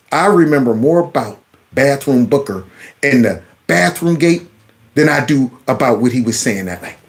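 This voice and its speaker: A man hosts his own reaction show, talking back to news clips with a mocking, animated delivery. His voice sits a little high and swings up and down widely. He breaks in often to argue with what he has just heard. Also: creaky. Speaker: commentary channel host.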